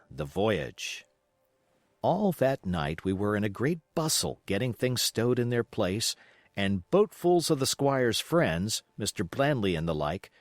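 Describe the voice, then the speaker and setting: A man reading a classic adventure novel aloud as an expressive audiobook narration. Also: lowish voice, no echo.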